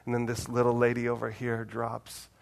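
A man giving a conversational sermon, casual and animated, with big swings in loudness and a soft, low voice when he quotes someone. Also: normal speed, creaky. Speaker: preacher.

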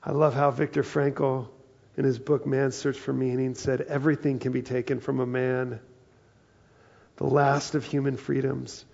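Speaking at a normal speed, this preacher keeps his sermon loose and conversational, often taking on the voices of characters in his story. The middle-pitched voice has a gravelly, slightly husky grain, captured in a dull, lo-fi recording.

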